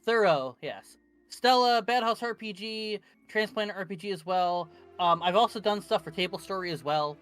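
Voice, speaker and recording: A man's voice: high voice, moderate pace, a bit bright, smooth, soft background music. A man chatting casually after a tabletop game session over a voice call, rambling with many fillers and self-corrections. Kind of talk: casual post-game chat. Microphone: computer mic on voice call.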